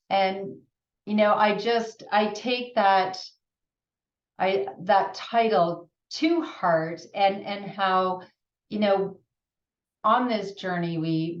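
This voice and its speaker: A Canadian woman hosting a podcast, talking in a gentle, earnest way with frequent restarts and soft laughs. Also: mid-range voice. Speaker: podcast host. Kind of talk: reflective solo talk. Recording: roomy, distant, dull lo-fi sound.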